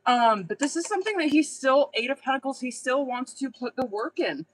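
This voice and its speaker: A woman's voice: high-pitched, expressive, brisk, low-quality recording. A young adult woman doing a casual live tarot reading, blunt and chatty, swearing freely and laughing often. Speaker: tarot reader.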